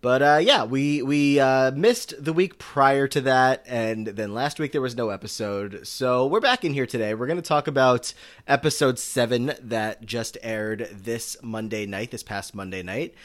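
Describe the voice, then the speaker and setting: A man's voice: medium pitch, unhurried. A man co-hosting a podcast, recapping a game show in casual chat, rambling with lots of fillers and restarts. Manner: struggles over name pronunciations. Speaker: podcast co-host.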